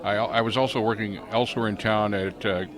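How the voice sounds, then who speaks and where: A man's voice: lowish voice, fairly even intonation, a little fast. A man, a former chief engineer, interviewing an old colleague in a genial, teasing way at an outdoor reunion. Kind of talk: casual interview chat. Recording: crowd chatter outdoors.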